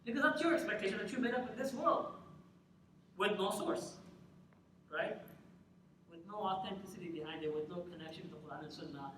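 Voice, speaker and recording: A young man giving a lively religious talk, often firing questions at his audience. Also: sits high, brisk, pauses often, slight background noise. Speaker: lecturer. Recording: echoey hall, mic at a distance.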